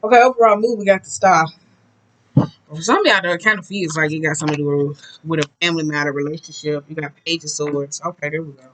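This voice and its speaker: A woman's voice: sits low, quick pace, fairly bright tone, rough recording. Chatty, profane woman reading tarot. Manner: loose, profane, chatty, thinking aloud. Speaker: tarot reader. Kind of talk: casual tarot reading monologue.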